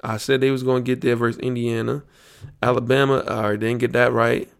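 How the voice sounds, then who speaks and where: A man's voice: mid-range voice, flat delivery, brisk, creaky, clear, resonant tone. A man hosting a solo podcast, riffing loosely and profanely on sports slang while thinking aloud. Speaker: podcast host. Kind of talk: casual solo podcast talk.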